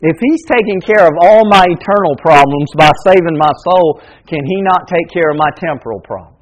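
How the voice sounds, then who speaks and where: Middle-aged pastor guy preaching, high voice, goes from loud and punchy to soft and hushed. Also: lively intonation, fairly quick, poor audio. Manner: preaches with swings from loud emphatic calls to quiet intimate asides. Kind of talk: sermon.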